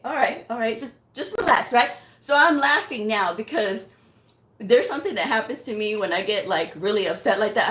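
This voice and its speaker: A woman's voice: a little high, a bit bright. A woman hosting a medical coding channel, telling a story bluntly and directly. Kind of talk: casual talking-head rant. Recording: echoey room sound.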